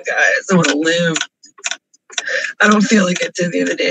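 A man's voice: high-pitched, normal speed, creaky, noisy background. A man crying through an emotional confessional vlog, pleading and repeating himself over and over from his parked car. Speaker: vlogger.

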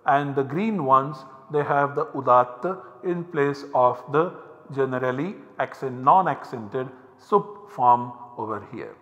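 Bright-voiced Indian English male lecturer. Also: mid-range voice. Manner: measured, explanatory, with frequent pauses. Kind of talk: recorded university lecture. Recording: dull, hall-like lecture recording.

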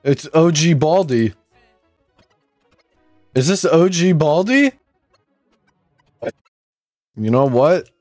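A man's voice: fairly high pitch, animated, drawn-out words, pauses often, darkish tone, no room sound, faint music behind. A man commentating his own gameplay, exclaiming and mocking himself as he complains. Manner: exclaiming, self-mocking, complains while playing. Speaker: gaming YouTuber. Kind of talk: let's play commentary.

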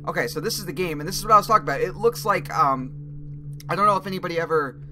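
A young man playing a horror game, talking through it in an excitable, jumpy way and swearing at scares. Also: high voice, fast, noisy background. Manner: excitable, jumpy reactions, swearing, thinking aloud. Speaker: gaming YouTuber. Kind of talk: let's play commentary.

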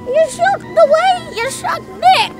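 Young woman doing a squeaky old granny, foul-mouthed and bossy, slow sing-song, loud music under it. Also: sing-song, exaggerated voice. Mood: scornful. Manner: shrill, bossy insults.

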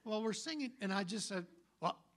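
A man preaching a sermon, telling stories in an animated, folksy way. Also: on the high side, moderate pace. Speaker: pastor.

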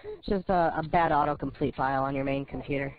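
A calm, patient tech support agent with an altered voice, answering briefly on a call. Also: female voice, deep voice, fast, a crowd in the background. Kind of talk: phone call. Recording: dry tinny phone line.

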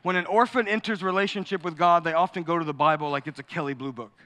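A man preaching a sermon as pastor, animated and joking, acting out quotes and asides. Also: on the high side, fast talker. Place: large church sanctuary. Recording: long hall reverb.

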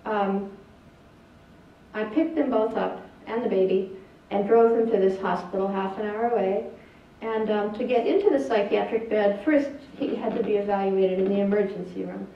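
Older woman, doctor giving a talk; earnest, halting; far off, echoey hall, dull lo-fi sound. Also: medium pitch, fairly even intonation, gravelly, a little hiss or hum. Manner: earnest and plainspoken, with hesitations. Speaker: speaker telling a family story. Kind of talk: presentation. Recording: distant echoey lo-fi hall recording.

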